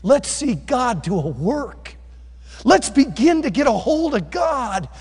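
A man preaching a sermon, quoting scripture and moving from loud cries to quiet, intense asides. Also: slow pace, breathy edge. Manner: animated preaching, rising to loud cries and dropping low. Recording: echoey hall with long reverb.

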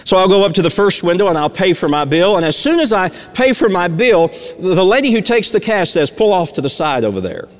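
A man's voice: high voice, a little fast, hardly any pauses. A man preaching a sermon, earnest and repeating phrases for emphasis. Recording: long reverb of a large hall.

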